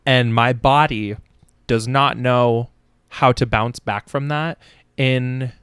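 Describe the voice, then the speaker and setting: A young man hosts a comedic book review, rambling and swearing with quick self-mocking asides. His voice is smooth and mid-pitched. The recording is dry and close. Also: steady tone, fairly bright tone, no room sound. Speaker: podcast host.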